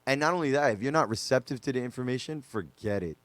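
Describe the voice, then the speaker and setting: Man, DJ guest, casual podcast storytelling, slangy and animated, dry close sound. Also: mid-range voice, fast, no echo. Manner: animated, loose slang with many fillers.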